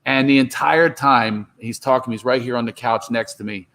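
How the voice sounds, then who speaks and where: A middle-aged man telling comedy stories on a video call, animated and slipping into impressions. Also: medium pitch, moderate pace. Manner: animated, jumps into character voices. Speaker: comedian guest. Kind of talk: storytelling with impressions.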